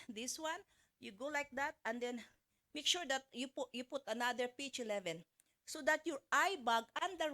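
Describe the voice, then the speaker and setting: A woman's voice: sits high, sharp tone. A woman giving a live seminar talk to an audience. She talks in a chatty, coaching way, jokes with the crowd, and often searches for words and restarts her phrases. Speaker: motivational speaker.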